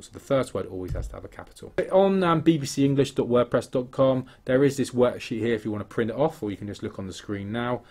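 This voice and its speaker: A man walks through a recorded English writing lesson in a low, slightly breathy voice. He explains point by point, checking in with "okay?" and "yeah?", and his sentences fall away quieter at the end. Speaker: English teacher. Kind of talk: recorded exam-prep lesson over slides.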